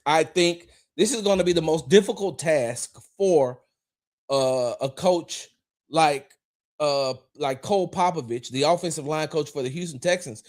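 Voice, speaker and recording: A man hosting a livestreamed football talk show. He rambles with animated energy, talks straight to chat viewers, and drops profane, confrontational asides. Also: fairly high pitch, a little slow. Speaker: sports talk show host.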